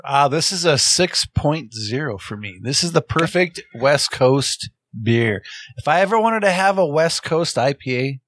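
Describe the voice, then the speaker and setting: A man's voice: fairly high pitch, animated, measured pace, fairly bright tone. A man hosting a casual beer-tasting chat, talking with enthusiasm and rambling a little. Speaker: podcast host.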